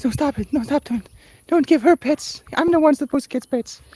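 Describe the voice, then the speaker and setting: A high, whiny voice of a possessive pet cat, put on by a man who lets it tumble out fast. It pleads and protests in a pushy, petulant tone. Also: a little mellow. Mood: jealous. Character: jealous pet cat demanding all the pets.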